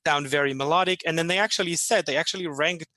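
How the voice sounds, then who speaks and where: A man's voice: on the high side, quick pace, sharp tone, dry recording. A man whose first language is German, talking casually as a podcast co-host, chatty with frequent restarts. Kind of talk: casual conversation.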